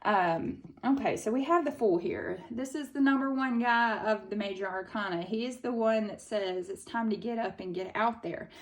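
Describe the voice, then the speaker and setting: A woman's voice: medium pitch, moderate pace, few pauses. A woman in her thirties with a Southern US accent giving a casual tarot reading, blunt and chatty, swearing freely and using lots of fillers. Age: 30s. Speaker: tarot reader.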